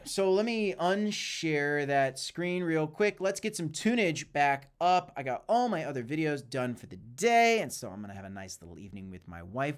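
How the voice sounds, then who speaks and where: A man's voice: on the high side, very animated, normal speed, hardly any pauses, smooth. A man hosting a casual livestream with commentary and Q&A, hyped and chatty, often calling out to "guys". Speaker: crypto channel host.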